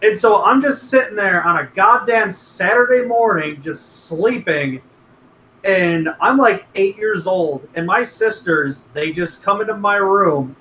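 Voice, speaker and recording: A man's voice: high voice, measured pace, pushed and bright, roomy sound, a little hiss or hum, poor audio. A man co-hosting a podcast, telling rambling, profane stories in casual chat. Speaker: podcast co-host.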